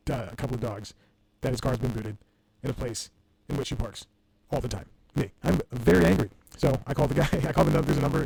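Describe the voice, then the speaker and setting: Rambling, laughing young man with gravelly voice. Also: medium pitch. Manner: rambling, self-mocking, laughs often mid-sentence. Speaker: podcast host. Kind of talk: casual solo podcast storytelling. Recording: distorted audio with faint background noise.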